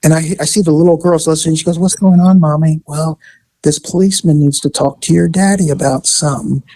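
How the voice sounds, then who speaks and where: A man and former police officer, telling a story in a casual, animated way and acting out the voices in it. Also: fairly high pitch, quick pace, no room sound. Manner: animated, acts out voices in his stories.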